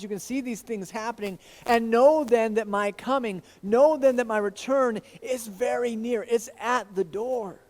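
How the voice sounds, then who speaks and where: A man's voice: sits high, a little mellow. A man, a pastor, preaching an earnest sermon to his congregation in a church. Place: church sanctuary. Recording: long church reverb.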